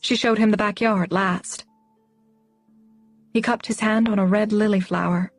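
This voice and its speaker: A woman's voice: mid-range voice, fairly even intonation, unhurried, pauses often, no echo, soft background music. Woman narrating an audiobook, dry and close.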